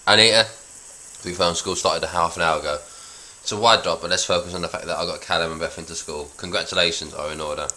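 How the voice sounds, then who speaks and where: A man's voice: low voice, steady tone, quick pace, sharp tone. A man reading the lines of a flippant, reckless middle-aged dad, in an offhand manner. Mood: bluffing.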